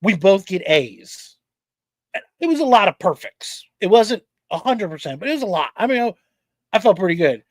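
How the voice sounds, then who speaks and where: A man's voice: high voice, moderate pace, no room sound. A man hosting a casual podcast, telling a story with lots of energy and plenty of swearing. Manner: animated storyteller, swears freely. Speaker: podcast host. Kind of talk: casual chat.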